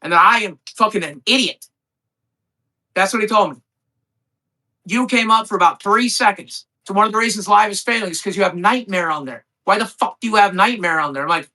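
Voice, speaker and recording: A man's voice: high voice, fairly quick, bright, forceful tone, poor audio. A man co-hosting a live stream, arguing insistently and repeating his questions over and over. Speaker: stream co-host. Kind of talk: heated livestream argument.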